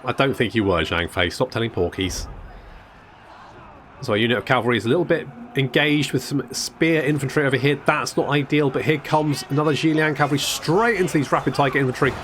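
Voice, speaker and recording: A man casually commentates a strategy game in a let's-play, wry and chatty, swearing now and then and restarting his sentences. His voice is mid-range, brisk, and a bit bright, with a little hiss or hum in the recording.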